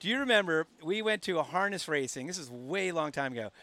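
Middle aged guy hosting a podcast, tells stories fast n laughs a lot, kinda high voice. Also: a little hiss or hum. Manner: animated storyteller, laughs often. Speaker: podcast host. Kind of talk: casual chat.

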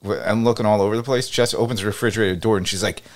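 A man co-hosting a podcast, telling funny stories in casual chat and laughing as he goes. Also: on the low side. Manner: laughing storyteller, gets loud and fast when excited. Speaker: podcast co-host.

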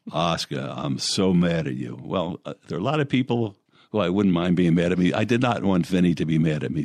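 An older man with a very deep voice, spinning long stories as an interview guest. He wanders through his tales, stopping often on "uh" and restarting his sentences. The sound is dry and close. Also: darkish tone, no echo. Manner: rambling anecdotes with many fillers and restarts. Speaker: interview guest, former lawyer and mayor. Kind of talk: storytelling in conversation.

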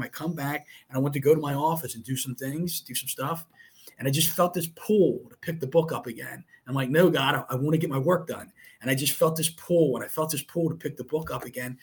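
Middle-aged guy, kinda husky, earnest storytelling on a podcast, quotes people a lot. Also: medium pitch. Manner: earnest and emotional, retelling with quoted dialogue. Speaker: guest. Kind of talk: casual interview storytelling.

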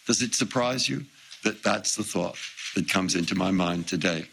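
A man's voice: low-pitched, normal speed, vocal fry, fairly bright tone, slight background noise, low-quality recording. An older man giving an earnest formal address, speaking directly to his listeners. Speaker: speaker at a public announcement.

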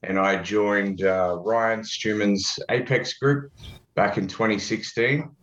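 A man's voice: on the low side, steady tone, slow pace, fairly bright tone, echoey room, lo-fi sound. A man with an Australian accent, a guest in a casual interview, talking in a joking, laid-back way and swearing casually. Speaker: guest, ad consultant.

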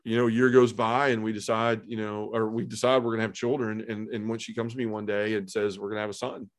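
A man's voice: fairly low pitch, little pitch movement, quick pace. A middle-aged man telling his own story as a podcast guest, earnest and heartfelt, with lots of "you know" and "man". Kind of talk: personal testimony in a podcast conversation.

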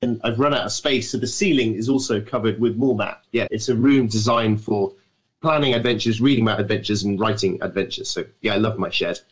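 A man's voice: fairly low pitch, steady tone, brisk. A man from the north of England with an English accent, a guest on a podcast, talking over a remote call from his writing shed with dry, self-mocking humor. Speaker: guest adventurer.

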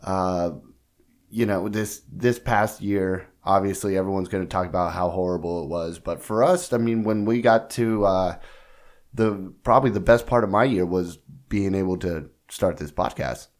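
Give me a raspy-voiced man co-hosting a podcast, talking across the table into a studio mic. He sits fairly low in pitch and keeps an easygoing, laid-back pace of casual chat. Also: moderate pace. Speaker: podcast co-host.

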